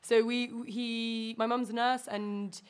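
A woman's voice: fairly high pitch, little pitch movement, slow pace, clear, resonant tone. A woman from Norway, a podcast guest, telling stories about her childhood in a chatty way, full of fillers. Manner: chatty storytelling with frequent fillers. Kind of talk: casual chat.

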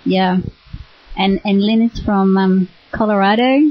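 A woman with an Australian accent, a spiritual teacher greeting online listeners in a warm, chatty way and often laughing. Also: mid-range voice, fairly even intonation, a little slow. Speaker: spiritual teacher on internet radio. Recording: dull lo-fi web radio audio.

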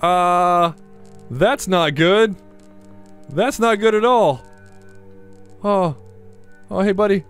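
A man's voice: sits high, slow, pauses often, clear, resonant tone, faint music behind. Chatty young man narrating a game. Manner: chatty, coaxes his vehicle along, yelps when things go wrong. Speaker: gameplay commentator. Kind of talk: let's play commentary.

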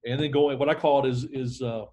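A man's voice: mid-range voice, steady tone, fairly quick, darkish tone. A middle-aged man, a sales trainer, talking energetically in a podcast interview and acting out phone calls.

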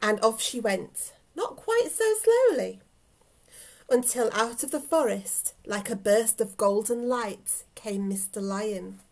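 A woman, a teacher reading a story aloud to children, with gentle asides to her dog. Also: mid-range voice, fairly even intonation, a little slow, hardly any pauses.

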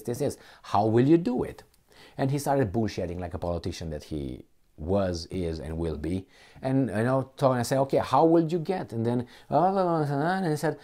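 Man, low voice, warm mellow tone, rambling rant, halting, heated bursts. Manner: heated, gets louder and higher when indignant; halting, hunts for words and restarts.

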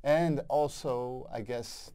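A man co-hosting a casual film review chat, giving opinionated, lively critiques with frequent restarts. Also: mid-range voice, takes it slowly, clear, resonant tone. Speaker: co-host.

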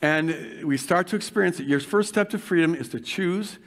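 An older man preaching a sermon, moving from fervent shouting to hushed guided imagining. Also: fairly high pitch, normal speed. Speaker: pastor.

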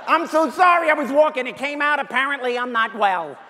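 A man's voice: very high voice, animated, fairly quick, pushed and bright, a little hiss or hum, pitched above the performer's own voice, full character voice. A man voicing a neurotic, guilty male dog who apologizes frantically and whines, in a stand-up routine. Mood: frantic guilt. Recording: long hall reverb.

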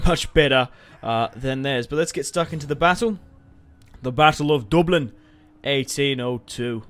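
A man's voice: medium pitch, fairly bright tone. Young man chatting over gameplay. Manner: rambling, swears freely, restarts sentences. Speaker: gaming video host. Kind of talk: casual gameplay commentary.

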